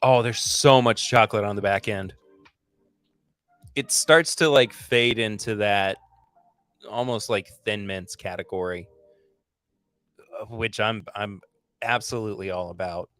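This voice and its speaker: A man's voice: lowish voice, measured pace, long pauses, a bit bright, clear, resonant tone, dry recording. A man hosting a casual livestream podcast, chatting enthusiastically through tasting notes and rambling with restarts. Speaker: podcast host.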